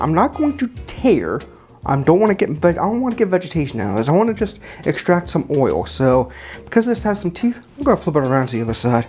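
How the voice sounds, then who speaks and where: A man's voice: on the high side, big pitch swings, fast, a little mellow, faint music behind. A man chattily walking through a cocktail tutorial at a home bar, informal and full of fillers and restarts. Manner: chatty and informal, with many fillers and self-corrections. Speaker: home bartender demonstrating cocktails.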